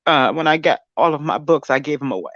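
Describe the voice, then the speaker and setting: A woman speaks softly and haltingly, restarting her sentences, her voice close to tears. The recording is dull and muffled, with a dry, close sound. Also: low voice, animated, no echo. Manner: soft-spoken, halting, with frequent restarts. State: tearful, close to crying. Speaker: guest poet. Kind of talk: emotional casual conversation.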